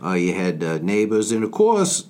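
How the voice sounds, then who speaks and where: A man's voice: on the low side, normal speed. A man co-hosting a true-crime podcast, rambling through the story with jokes. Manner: rambling, jokey, lively storyteller. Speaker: podcast co-host.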